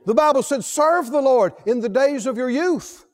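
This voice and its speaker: A man preaching a sermon, emphatic and full of rhetorical questions to the congregation, swinging from soft low asides to loud exhortation. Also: animated, moderate pace.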